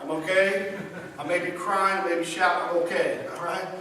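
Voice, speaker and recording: High-voiced man preaching in echoey church. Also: fairly even intonation, fairly quick, pushed and bright. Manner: emphatic, repetitive preaching. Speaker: pastor. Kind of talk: sermon. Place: church sanctuary. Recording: echoey hall from far off.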